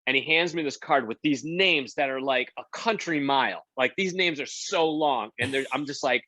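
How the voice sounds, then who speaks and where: A man, a game show host and producer, chatting as a podcast guest and telling animated anecdotes. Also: normal speed, no room sound. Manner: animated anecdote-telling, acts out quotes with big pitch jumps. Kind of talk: casual podcast storytelling. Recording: dull, slightly lo-fi dry podcast audio.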